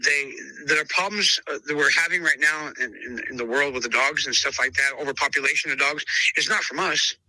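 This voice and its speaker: Emphatic man with a bright, sharp voice. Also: fairly high pitch, fairly quick, no room sound, rough recording. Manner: emphatic, acts out both sides of past conversations, keeps calling the listener brother. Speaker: dog breeder. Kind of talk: casual interview storytelling.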